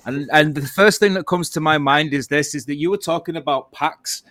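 A man appearing as a podcast guest, animated and jokey, with sudden dramatic flourishes. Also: a little high, moderate pace, no room sound, studio quality. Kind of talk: casual banter.

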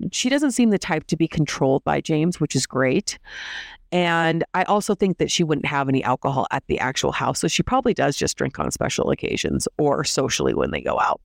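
An opinionated recap host rattles through a reality show episode, tossing in snarky asides and quick restarts. The voice has a steady fry running through it. The sound is dry and up close, with no room echo. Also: medium pitch. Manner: chatty, opinionated, fast bursts with restarts; mocking asides and quoted imitations of cast. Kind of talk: casual gossipy episode recap.

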